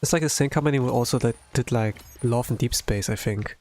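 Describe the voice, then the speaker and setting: A streamer with a mid-range voice talks a little fast as he plays a game, giving casual, rambling commentary. He fills his speech with "like" and bursts out with excitement.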